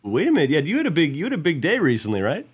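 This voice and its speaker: A man's voice: on the high side, wildly swooping pitch, racing, breathy edge. A man co-hosting a podcast, chatting casually in a playful, teasing way and laughing often. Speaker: podcast co-host. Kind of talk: casual chat.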